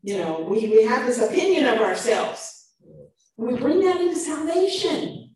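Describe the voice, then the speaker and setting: A woman preaching a sermon, animated, shifting between loud and soft emphasis. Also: fairly high pitch, moderate pace, a little hiss or hum. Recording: echoey room, mic far off.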